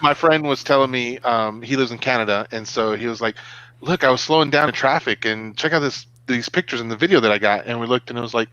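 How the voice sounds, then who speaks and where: A man's voice: mid-range voice, fast, bright, forceful tone, no echo, lo-fi sound. A middle-aged man co-hosting a live web show, chatting casually and acting out what his kids say. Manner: storytelling, acts out quotes from his kids. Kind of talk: casual live-stream chat.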